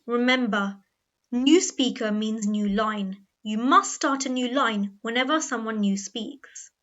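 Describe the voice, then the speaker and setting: A woman with a bright, fairly high voice gives a grammar lesson. She explains patiently and clearly and slows down on key points. The recording sounds dull and lo-fi. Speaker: teacher. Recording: dull lo-fi voice-over.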